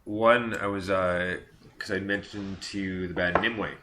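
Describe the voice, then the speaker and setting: Deep-voiced rambling male interviewer. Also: fairly even intonation, measured pace. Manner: rambling, many restarts and fillers. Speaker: interview host. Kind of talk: casual interview chat. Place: music venue. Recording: echoey room with faint noise.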